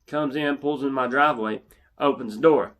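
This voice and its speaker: Animated young man telling a story. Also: mid-range voice, normal speed. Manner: animated, yells out quoted lines. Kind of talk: casual anecdote telling.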